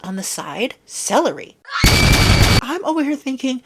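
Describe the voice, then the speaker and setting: A woman vlogger ranting in a casual monologue, animated and exasperated, swearing freely. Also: high-pitched, a little slow, pauses often, shouting, very noisy.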